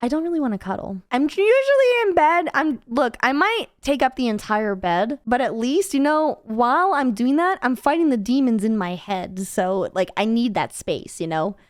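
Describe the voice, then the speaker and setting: A young woman reacting to a video as a streamer, talking in an animated, rambling and self-deprecating way. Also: on the high side, moderate pace, few pauses, no room sound, clean studio sound. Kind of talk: casual reaction commentary.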